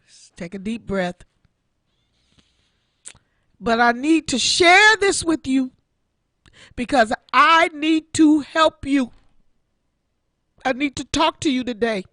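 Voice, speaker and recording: A woman's voice: sits high, slow pace, pauses often, pushed and bright, dry recording, studio quality. A woman in her sixties hosting an online radio show, giving an emotional personal testimony and repeating her phrases like a preacher. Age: 60s. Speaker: internet radio show host.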